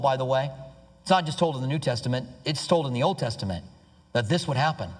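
A man preaching to a congregation in a church sanctuary, his voice pitched a little high for a man. His delivery is emphatic, sinking to hushed low tones and climbing to excited outbursts. A long reverb hangs on his words. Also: breathy edge. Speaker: pastor. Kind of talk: sermon.

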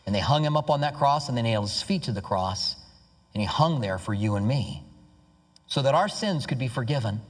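A man preaching a sermon as pastor, emphatic, dropping to hushed low tones and rising to excited outbursts. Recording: long hall reverb.

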